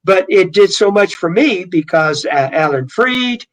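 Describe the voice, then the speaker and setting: An older man with an easy Southern drawl spins long, animated stories as an interview guest. He talks a little higher than most men, stumbling through restarts as one memory leads into the next. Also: unhurried, poor audio. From Louisiana. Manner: rambling, animated storyteller with many restarts. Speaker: guest singer. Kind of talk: storytelling interview.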